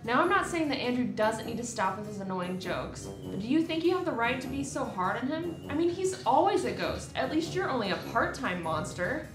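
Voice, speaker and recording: A woman's voice: fairly high pitch, very animated, brisk, hardly any pauses, echoey room, music in the background. A woman playing an irritable vampire who talks indignantly.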